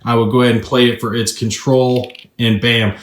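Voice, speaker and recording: A man's voice: medium pitch, level tone, normal speed. A man with a mid-range voice walks through a board game turn by turn, chatty and upbeat as he explains the rules. His voice carries a noticeable room echo, as if recorded in an open, roomy space. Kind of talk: casual tabletop gameplay walkthrough.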